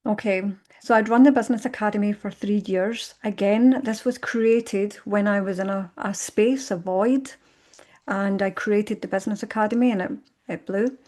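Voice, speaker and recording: A woman in conversation, telling her own story reflectively and acting out her past thoughts in lively bursts. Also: mid-range voice, moderate pace. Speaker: podcast guest.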